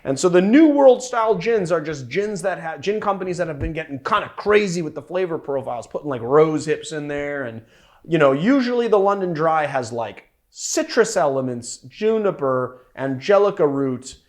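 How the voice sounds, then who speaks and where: A man's voice: fairly high pitch, lively intonation, normal speed. A young man hosting a cocktail show, chatting in a rambling, playful way with many fillers. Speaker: bartender host. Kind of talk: casual cocktail-making show.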